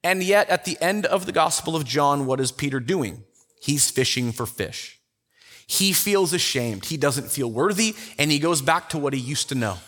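A man teaching a Bible study in a conversational way, telling the story with lively acted-out quotes. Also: fairly high pitch, moderate pace, in a large hall. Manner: animated storyteller who acts out the quotes.

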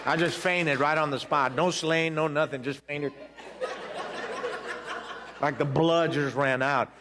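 A man giving an animated personal testimony, acting out voices, laughing and repeating himself as he tells it. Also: fairly high pitch, a little slow.

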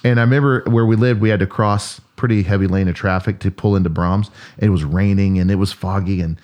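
A man's voice: deep voice, fairly even intonation, fast, lo-fi sound. A man, a pastor and podcast co-host, telling a family story in a casual chat and acting out the voices in it. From Oklahoma. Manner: warm storyteller, acts out quoted voices.

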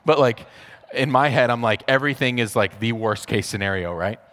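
A man's voice: medium pitch, moderate pace, a bit bright, in a large hall. A man telling a personal faith testimony in a casual, conversational way, full of fillers and acted-out bits of dialogue. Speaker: speaker sharing a personal testimony. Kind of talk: testimony talk.

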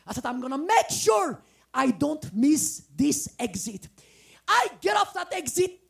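Exuberant high-voiced woman preacher, gravelly. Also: very animated, measured pace. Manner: exuberant, often bursting into shouts and sung phrases; earnest, pleading exhortation. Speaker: guest preacher. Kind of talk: testimony sermon.

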